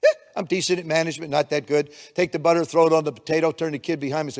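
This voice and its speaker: A man in his seventies from the United States delivers a motivational keynote, spinning stories and acting out the dialogue in them. His voice sits fairly high for a man. The sound rings with the long reverb of a large hall. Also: racing. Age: 70s. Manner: storytelling, animated, acts out dialogue. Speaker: keynote speaker.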